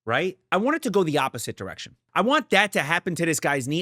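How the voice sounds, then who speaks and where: A man's voice: on the high side, very animated, quick pace, hardly any pauses, sharp tone, no echo, studio quality. A young man hosting a reaction video, talking casually, blunt and profane, often swearing and getting worked up. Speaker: reaction channel host.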